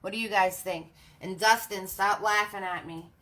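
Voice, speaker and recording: A woman hosting a live painting class, chatting warmly with viewers, laughing often and talking through each brushstroke. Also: mid-range voice, steady tone, moderate pace. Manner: friendly, laughs often, narrates each step. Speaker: paint party host and art instructor.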